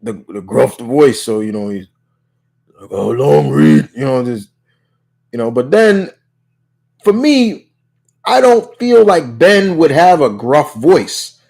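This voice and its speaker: Hosting a casual livestream Q&A, a man reads out viewers' questions and answers with lots of rambling, restarts, and "you know"s. His voice is a little high, very animated, and slow, with a darkish, slightly rough tone.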